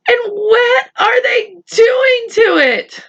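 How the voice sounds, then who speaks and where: Woman doing a squealing, excitable ladybug. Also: drawn-out words, lo-fi sound, exaggerated voice. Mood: anxious. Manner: crying out high and excited. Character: excitable small female ladybug.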